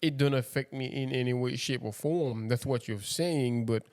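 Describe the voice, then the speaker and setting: A man's voice: medium pitch, moderate pace, a little mellow. A young man co-hosting a podcast, chatting casually and reasoning his points through aloud. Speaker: podcast co-host. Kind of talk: casual chat.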